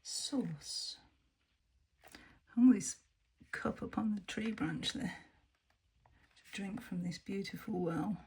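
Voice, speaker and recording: A woman, musing softly as she reviews cards, often half-whispering. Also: mid-range voice, slow pace, long pauses, husky. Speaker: tarot deck reviewer. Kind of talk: casual unboxing commentary.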